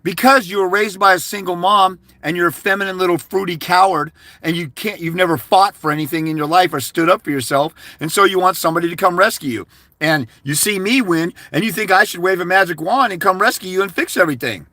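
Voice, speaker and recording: A man's voice: high voice, fast, sharp tone, no room sound. Combative man ranting, dry close sound. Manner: insulting, combative, preachy. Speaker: YouTuber giving fathers' rights advice. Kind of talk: angry vlog rant.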